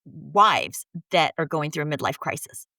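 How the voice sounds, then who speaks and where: A woman's voice: low-pitched, expressive, unhurried, gravelly, sharp tone, no echo, studio quality. A woman host interviewing a guest, chiming in briefly to steer the talk. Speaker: podcast host. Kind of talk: interview conversation.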